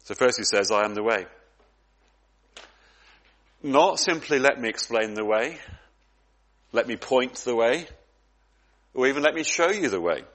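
A man's voice: mid-range voice, lively intonation, a little slow, long pauses, a bit bright. A man preaching a sermon, earnest and reflective, often repeating words as he goes.

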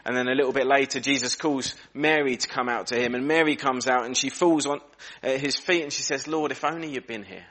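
A man preaching a sermon in a church, earnest and reflective, slowing down and dropping his voice for emphasis. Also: medium pitch, fairly even intonation, fairly bright tone. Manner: earnest, reflective, varies pace and volume for emphasis.

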